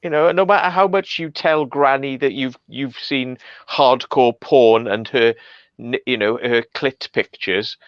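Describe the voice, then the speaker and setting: A man's voice: mid-range voice, a little slow, smooth, no echo, lo-fi sound. A man hosting a casual chat over an online call, blunt and ranting with lots of swearing. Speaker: host.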